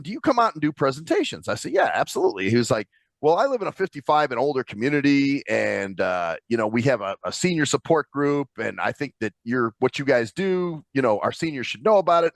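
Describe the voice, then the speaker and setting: A man's voice: medium pitch, vocal fry, no room sound. A man co-hosting a casual podcast over a video call from home, telling stories with plenty of swearing. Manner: profane animated storyteller. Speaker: podcast co-host. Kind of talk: casual chat.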